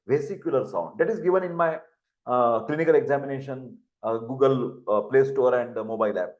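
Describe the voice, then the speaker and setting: A man's voice: mid-range voice, a little fast, a little mellow. An older man with an Indian English accent, giving a lecture, who repeats terms and spells words out for dictation. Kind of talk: classroom lecture. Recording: echoey room.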